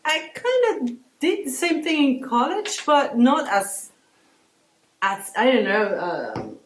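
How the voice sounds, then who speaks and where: Woman guest, thirties, lively storyteller, slight room echo. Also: sits high, slow. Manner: animated storytelling, acts out quoted voices. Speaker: guest artist. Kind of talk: casual interview chat. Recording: roomy echo.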